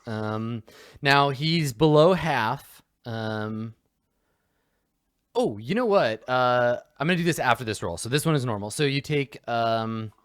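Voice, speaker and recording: Guy game-mastering a tabletop session, mid pitch, dry close sound, lots of ums. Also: animated, unhurried, fairly bright tone, smooth, no room sound. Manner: casual, many fillers, descriptive.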